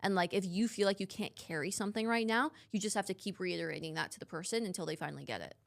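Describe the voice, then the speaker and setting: A woman's voice: lowish voice, fast talker, vocal fry. A young woman co-hosting a podcast, talking in a reflective, casual way with lots of "like". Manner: reflective, heavy use of "like". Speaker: podcast co-host. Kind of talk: casual chat.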